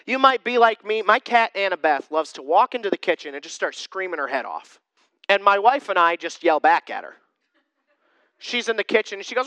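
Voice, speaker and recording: A man's voice: high-pitched, sing-song, a little fast, pushed and bright, smooth, no echo. A man preaching a humorous, conversational sermon, retelling a Bible story with jokes. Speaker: pastor.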